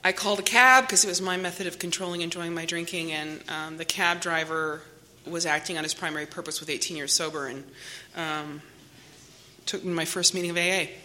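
Middle-aged woman, AA speaker, candid and self-mocking, slightly low voice with a bright edge. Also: steady tone, a little fast, a little hiss or hum. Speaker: AA meeting speaker. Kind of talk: personal recovery story.

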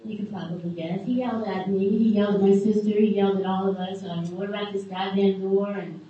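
A woman's voice: mid-range voice, fairly even intonation, muffled recording. Middle-aged woman telling her story, echoey room. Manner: candid, halting, wry asides. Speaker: speaker sharing her life story. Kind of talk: personal testimony to a live group. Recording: echoey room heard from a distance.

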